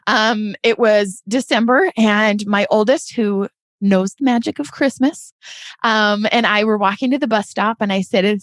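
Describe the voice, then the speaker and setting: A woman who invests in real estate tells a personal story as a podcast guest, speaking unhurriedly in a mid-range voice. She's earnest and heartfelt, often ending sentences with "right?" and calling listeners "you guys." The studio-quality recording has no echo.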